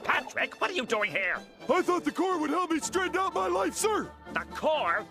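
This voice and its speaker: A clip from a cartoon where male characters talk in high, squeaky voices over music. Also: very animated, normal speed, full character voice. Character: cartoon sea creatures in a stuffy restaurant scene.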